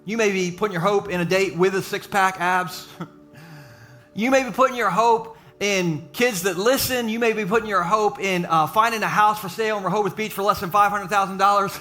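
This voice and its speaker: Bright, high-voiced preaching man. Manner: preaches with jokes and quick asides to the audience. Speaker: pastor. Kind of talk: sermon. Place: church service before a live audience.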